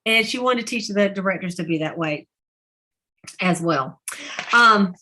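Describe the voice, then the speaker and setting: Middle-aged woman, chatty storyteller, team call, animated. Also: mid-range voice, unhurried. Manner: chatty, animated retelling with quoted voices and laughs. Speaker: sales team leader on a group call.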